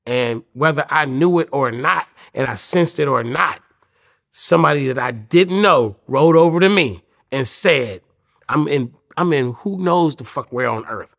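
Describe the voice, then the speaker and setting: A man's voice: on the high side, unhurried, creaky, a bit bright. A man in his fifties, a rapper guest in an interview, telling stories in a laid-back, profane way. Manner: laid-back, profane, quotes people in voices. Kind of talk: casual storytelling interview.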